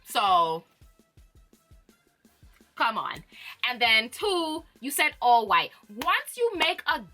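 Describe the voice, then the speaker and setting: Bright-voiced young woman dishing gossip. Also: a little high, slow, soft background music. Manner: opinionated, animated, laughs often. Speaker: reality TV commentator. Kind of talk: casual gossip recap.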